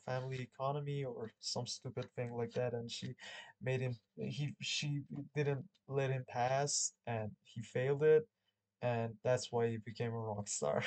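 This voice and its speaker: A man's voice: mid-range voice, darkish tone, poor audio. A man who hosts his own channel chats casually and reads a book aloud, often rambling, correcting himself and laughing. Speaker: channel host.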